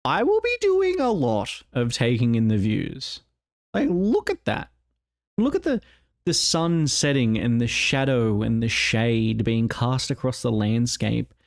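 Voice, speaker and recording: Excitable Australian man, dry close sound. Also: medium pitch, no room sound. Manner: enthusiastic, rambling, fond of "like". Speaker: gaming video host. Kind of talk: excited trailer breakdown commentary.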